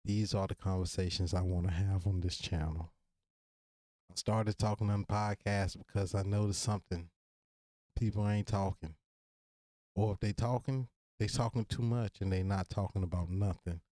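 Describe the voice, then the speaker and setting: A man in his thirties from Virginia with a Virginia accent and casual slang, hosting a solo podcast and talking straight to his listeners in an earnest, relaxed way. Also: sits low, moderate pace, no echo, clean studio sound. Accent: Virginia, Southern US. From Virginia, USA. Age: 30s. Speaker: podcast host.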